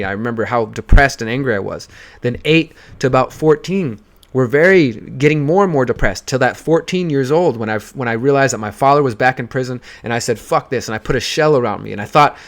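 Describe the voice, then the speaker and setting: A man's voice: mid-range voice, fairly bright tone. A man in his thirties, a podcast host, candidly telling a personal story in an emotional, profane monologue.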